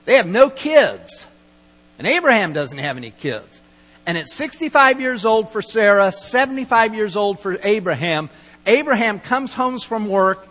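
A man's voice: high-pitched, lively intonation, moderate pace, a bit bright. A middle-aged man pastor giving a conversational, storytelling sermon and acting out quoted lines. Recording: long hall reverb, mains hum.

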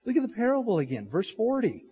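A man's voice: high voice, huge pitch swings, fast, mellow, husky. A middle-aged man preaching a sermon in a conversational, storytelling manner. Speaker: pastor. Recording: long hall reverb, dull lo-fi sound.

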